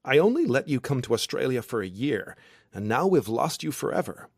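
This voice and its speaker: A man's voice: mid-range voice, big pitch swings, a little fast, husky, no room sound, clean studio sound, voice pushed up. A man voicing a playful, reassuring best friend in an audiobook. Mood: teasing.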